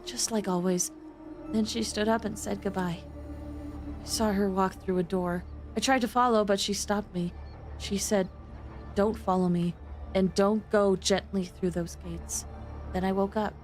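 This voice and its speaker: A woman voicing a quiet, grieving bank clerk who speaks softly and sorrowfully. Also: a little high, lightly acted. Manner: soft, subdued, sorrowful.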